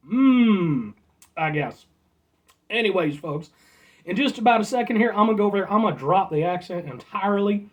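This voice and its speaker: A man's voice: high voice, animated, normal speed. Man impersonating a drawling small-town Canadian man with an attempted rural Canadian accent; rambling, folksy comic impression.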